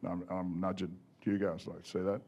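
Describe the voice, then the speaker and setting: In his forties and Australian-accented, this former rugby player tells self-mocking stories on a podcast, laughing as he goes and swearing freely. His voice sits low and level, slightly rough and dark in tone, and he talks fast. The sound is lo-fi, in keeping with the casual storytelling.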